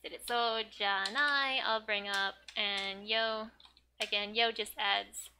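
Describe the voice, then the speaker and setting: A woman's voice: slow, slight background noise. A woman teaching Japanese from a manga in a casual, chatty way, giggling often and filling her talk with "like" and "um". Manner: reads manga lines in high excited character voices. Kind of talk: casual manga reading lesson.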